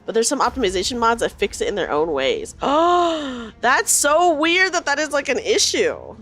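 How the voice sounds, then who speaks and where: A woman streaming a story game, chatting excitedly and reading the character lines aloud. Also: a little high, moderate pace, soft background music.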